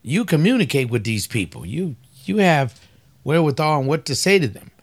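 A man's voice: on the high side, big pitch swings, brisk. A man giving a folksy, preaching-style talk on family life. He teases his listeners and fires off rhetorical questions.

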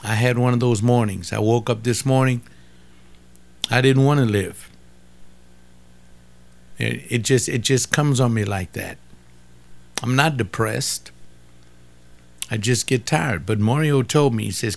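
A man's voice: mid-range voice, a little slow, vocal fry, long pauses. An older man giving an informal sermon, repeating phrases for emphasis and talking straight to his listeners. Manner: repetitive, emphatic, conversational preaching. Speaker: pastor.

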